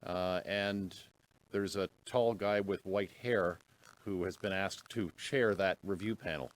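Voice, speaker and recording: A man's voice: deep voice, steady tone, slow pace. A man speaking earnestly to a conference audience in a conference room.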